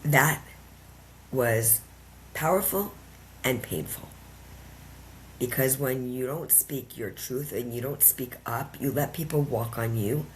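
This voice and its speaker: Very low-voiced woman telling her story. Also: slow, long pauses, a little hiss or hum. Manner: earnest, repetitive, emphatic phrasing. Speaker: podcast guest, empowerment coach. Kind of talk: personal storytelling in conversation.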